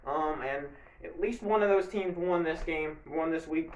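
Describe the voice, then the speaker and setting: With a slightly high voice at a measured pace, this man gives a loose, wandering sports recap to camera, now and then launching into playful play-by-play hype. He's a sports video creator, recorded in an echoey room with a little hiss or hum.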